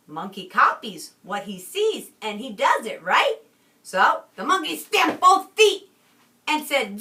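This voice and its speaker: A woman teacher reads a picture book aloud to her class, pausing often to ask the children questions. Her voice is high, bright and very lively, and she takes her time. The recording sounds roomy and a little far off. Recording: roomy, from a distance.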